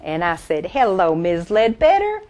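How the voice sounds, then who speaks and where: A woman doing an impression of a folksy country comedienne, telling homespun jokes in a drawn-out way and laughing at the punchlines. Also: fairly low pitch, huge pitch swings, a little mellow. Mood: chatty. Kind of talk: stand-up storytelling impression.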